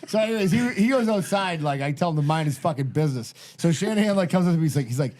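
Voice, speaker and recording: Fast-talking rambling man. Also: fairly high pitch, animated, darkish tone. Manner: rambling storyteller, swears a lot, laughs mid-story. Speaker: podcast co-host. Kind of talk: casual chat.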